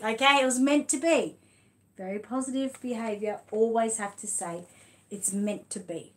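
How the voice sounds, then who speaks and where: Her voice fairly high, an Australian channel host talks casually to her viewers and a child in a dim home room. She then reads a storybook aloud, adding lively sound effects.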